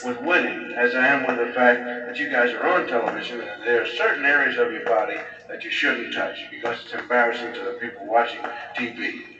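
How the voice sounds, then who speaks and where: A man voicing a stern, pompous male athletic director who lectures in a low, solemn tone. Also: fairly quick, over music, natural voice. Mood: lecturing. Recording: distant, echoey, dull live recording.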